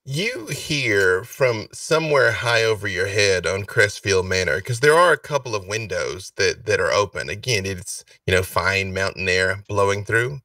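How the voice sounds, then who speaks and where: A man narrating a tabletop game as game master, relaxed and chatty. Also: on the low side, measured pace, hardly any pauses, no room sound, recorded from a distance.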